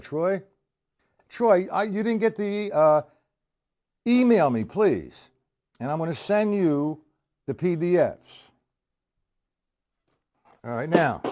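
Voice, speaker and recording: A middle-aged man teaching drum rudiments on a live stream, counting beats aloud and chatting casually with viewers. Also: fairly high pitch. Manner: counts beats aloud over his own drumming, chatty asides to viewers. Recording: loud drum kit playing alongside the voice.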